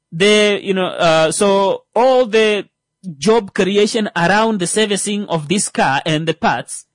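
A man performs animated stand-up comedy packed with fillers and restarts, swinging from loud, rising jokes to muttered asides. His voice is high and the recording is dry.

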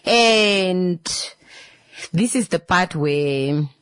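A woman tells a story in an animated, slangy way, acting out the voices of the people in it. Her voice sits a little low. The recording is dry and close. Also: drawn-out words, clean tone, dry recording. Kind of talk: storytime vlog.

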